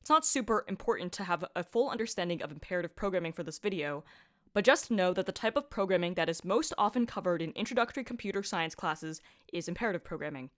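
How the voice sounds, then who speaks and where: A woman's voice: on the low side, animated, fast talker, fairly bright tone. A woman lecturing on programming in a scripted voice-over, upbeat and playful with punchy asides. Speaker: computer science lecturer.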